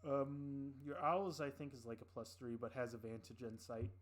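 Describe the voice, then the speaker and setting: DM narrator, adult man, mid-range voice, halting delivery with fillers and restarts. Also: medium pitch, little pitch movement. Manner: hesitant, many fillers and restarts. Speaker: dungeon master. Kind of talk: improvised tabletop game narration.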